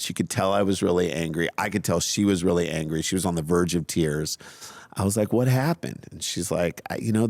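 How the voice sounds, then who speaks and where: A man co-hosting a podcast, telling a story in a casual, animated, self-mocking way. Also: deep voice, no echo, clean studio sound. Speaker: podcast co-host.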